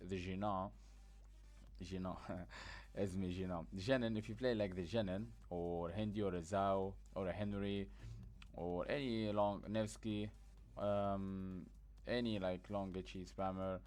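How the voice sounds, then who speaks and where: Walking through a game map in a loose tutorial, this guide creator speaks in a very low, darkish voice. He's blunt and rambling, drowsy as if just out of bed, and fills the gaps between points with fillers.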